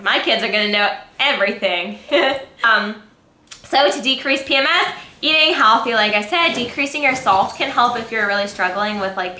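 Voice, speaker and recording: A chatty young woman talks straight to her viewers in a loose, filler-heavy vlog style. Her voice is bright and forward. The room around her rings with echo. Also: fairly high pitch, slight background noise. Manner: chatty, rambling, lots of fillers and "like". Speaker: fitness and health vlogger. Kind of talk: casual educational vlog. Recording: echoey room.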